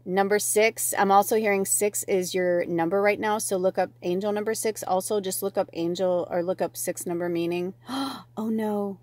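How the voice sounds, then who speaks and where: A woman's voice: fairly low pitch, fairly even intonation, measured pace, dry recording. Chatty woman giving a dry card reading. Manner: chatty and gushing, with casual swearing; thinks aloud, with many fillers and restarts. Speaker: tarot and oracle card reader. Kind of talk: casual spiritual card reading to camera.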